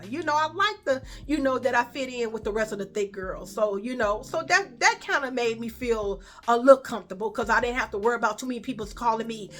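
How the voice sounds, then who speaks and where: A woman's voice: fairly high pitch, expressive, fast, few pauses, fairly bright tone. Chatty woman telling a story. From Chicago. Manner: chatty, repetitive, addresses viewers as y'all and baby. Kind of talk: casual storytime.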